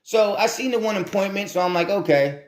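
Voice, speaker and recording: Earnest motivational speaker, echoey room. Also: male voice, high-pitched, fairly even intonation, fast talker. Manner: earnest, repeats phrases and restarts, rhetorical questions. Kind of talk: motivational talk.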